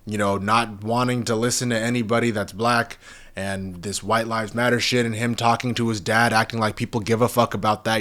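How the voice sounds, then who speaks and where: A young man with a slightly low voice rants on his podcast in a loose, rambling way. He keeps it heated and swears all the time, and he talks casually. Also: flat delivery, moderate pace, pushed and bright. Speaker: podcast host. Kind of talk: profane casual podcast rant.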